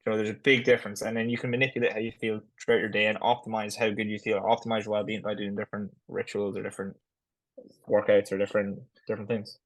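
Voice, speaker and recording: A man co-hosting a podcast, talking in a quick, chatty way full of "like". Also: lowish voice, flat delivery, no echo, rough recording. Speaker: podcast co-host. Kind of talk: casual chat.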